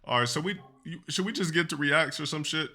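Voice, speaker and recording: A man's voice: fairly high pitch, fairly quick, bright, forceful tone. A man chatting casually on a live stream, profane and boastful, laughing between remarks.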